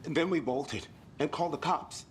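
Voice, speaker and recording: A man's voice: fairly high pitch, normal speed, slight background noise, close to an everyday voice. A man voicing a jittery, rattled male tourist in a video game, telling what he saw in a rambling way. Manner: animated, rambling storyteller.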